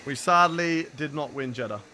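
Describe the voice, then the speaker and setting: An upbeat man with a southern English accent who streams a racing game live. His voice sits a bit high and sounds bright and forceful as he jokes around and keeps talking to his viewers. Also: normal speed, slight background noise. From southern England. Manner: energetic, jokey, chats to viewers. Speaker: gaming streamer. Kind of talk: live gameplay commentary chatting with viewers.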